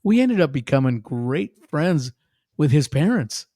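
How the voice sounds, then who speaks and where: Middle-aged guy telling stories, gets loud doing other people's lines, dry sound. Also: a little high, unhurried, dry recording. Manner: animated, acts out quotes in a raised voice. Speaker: guest musician. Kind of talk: casual storytelling chat.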